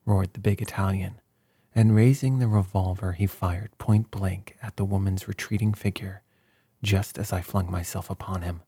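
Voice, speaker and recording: A man narrating a story in the first person with a measured, deliberate reading. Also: sits low, warm tone, slightly rough, dry recording. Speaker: audiobook narrator.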